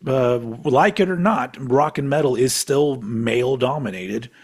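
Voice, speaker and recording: A man's voice: medium pitch, unhurried, slightly rough. A man co-hosting a casual podcast, rambling off on tangents, swearing freely and laughing often as he talks. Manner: laughs often while talking. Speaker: podcast co-host.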